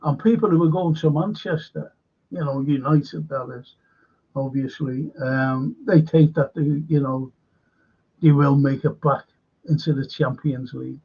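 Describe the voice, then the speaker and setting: A man hosting a live stream, reading out viewer comments in a rambling, slow way with asides. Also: a little high, fairly even intonation, gravelly, slightly rough, muffled recording. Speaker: host.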